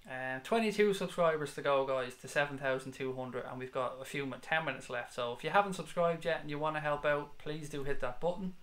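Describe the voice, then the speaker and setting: Nursing a headache, a football fan channel host in his 30s talks fairly quickly with few pauses while reading viewer comments live. His voice sits a little high with a fairly bright tone, and his manner is blunt, sweary and passionate.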